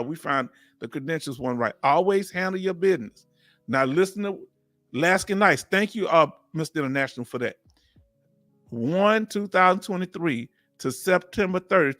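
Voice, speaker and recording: Middle-aged male host, slightly high voice, warm and emotional, reads chat comments casually. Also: no echo. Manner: warm, emotional, talkative, Southern US vernacular. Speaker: livestream host. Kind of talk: casual live chat, reading comments aloud.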